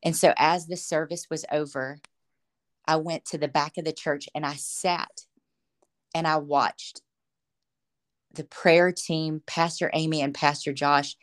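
A woman's voice: sits low, steady tone, measured pace, long pauses. A woman as a podcast guest, telling her faith testimony in earnest, emotional storytelling. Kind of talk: personal faith testimony in conversation.

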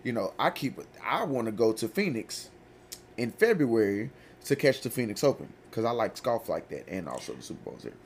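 A man hosting a podcast, chatting casually in a loose, slangy way with drawn-out stories. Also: mid-range voice, very animated, a little hiss or hum. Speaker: podcast host.

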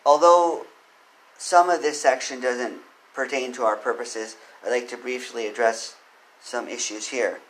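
A man's voice: medium pitch, fairly even intonation, unhurried, poor audio. A man reading out legal code and giving his opinions, often putting questions to the listener. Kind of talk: solo commentary with read-out legal text.

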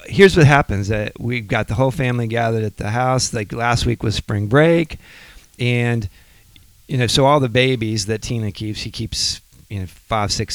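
A man's voice: medium pitch, vocal fry, clean tone, dry recording. Chatty man telling faith stories. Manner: chatty storyteller who laughs easily. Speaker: podcast co-host. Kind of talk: casual faith talk.

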